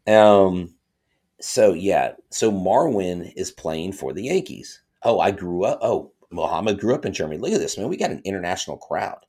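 A man hosting a live sports podcast, chatting casually and reading viewer comments aloud in excitable fan banter. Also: low-pitched, normal speed. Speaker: podcast host.

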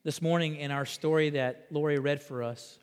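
A man preaching a sermon, swinging between loud emphasis and hushed passages and leading the congregation in repeating lines. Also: on the high side, steady tone, normal speed, clean tone. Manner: leads the congregation in call-and-repeat. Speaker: pastor. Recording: long reverb of a large hall.

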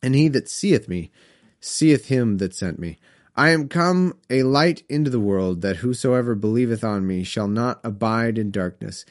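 Man, scripture reading, wry joking asides, very lively pitch. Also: measured pace. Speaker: Bible reader and commentator.

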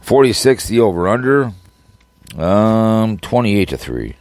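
A man's voice: lowish voice, big pitch swings, measured pace, darkish tone, no room sound. A man hosting a casual sports picks podcast, rambling and giving teams crude mocking nicknames while he laughs at his own jokes. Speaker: podcast host.

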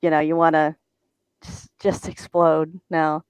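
Lady from a race team telling a story, kinda low smooth voice, stammers and repeats herself a bit. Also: flat delivery, unhurried, no room sound. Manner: storytelling, stammers and repeats words, laughs easily. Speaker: guest, race team member. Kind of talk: telling a story on a talk show.

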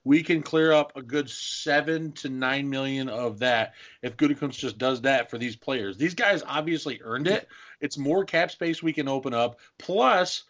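A man's voice: mid-range voice, measured pace, fairly bright tone. Chatty man talking football, muffled mic. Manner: chatty, rambling football analysis. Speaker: podcast co-host. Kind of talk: casual sports podcast talk.

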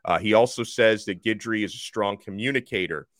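A man hosting a solo sports podcast, talking fast and with enthusiasm. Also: on the low side, a bit bright, no room sound, studio quality.

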